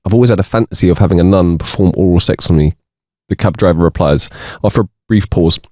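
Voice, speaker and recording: A man's voice: low voice, fast talker, a little mellow, no room sound, studio quality. A man co-hosting a podcast, reading jokes aloud in casual chat and laughing between them. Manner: reads jokes with bursts of laughter. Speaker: podcast co-host.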